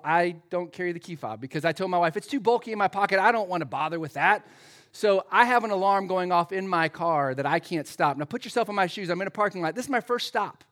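A middle-aged man preaching a sermon, telling self-mocking stories to his congregation and building up to loud, excited shouting. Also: a little high. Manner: self-deprecating storytelling to a congregation; rises to loud excited shouting in the story's climax. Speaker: pastor.

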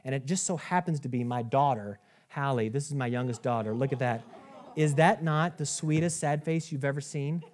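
Male pastor in his 30s, lively conversational preaching, quick asides, frequent restarts. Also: medium pitch. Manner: conversational, animated, self-interrupting with restarts and asides. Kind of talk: sermon.

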